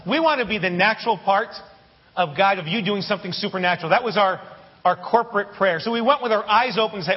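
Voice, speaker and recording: A pastor with a high, husky voice tells a lively story from the pulpit, tossing jokes to the congregation. He sounds a little muffled, and a long reverb trails his words through the hall. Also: quick pace. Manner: animated, anecdotal with humorous asides to the congregation. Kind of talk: sermon storytelling.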